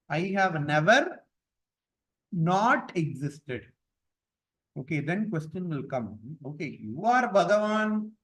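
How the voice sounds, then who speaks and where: Guy teaching a scripture class, high voice, talks slow, keeps repeating stuff patiently, chants verses. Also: sing-song, a bit bright, poor audio.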